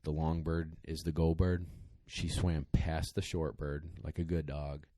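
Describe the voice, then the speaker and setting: Man, deep voice, dry close sound; casual podcast storyteller, rambling and emotional, near tears. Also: level tone, unhurried, mellow, no room sound. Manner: emotional, rambling, choked up at times. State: tearing up. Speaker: podcast co-host, dog trainer.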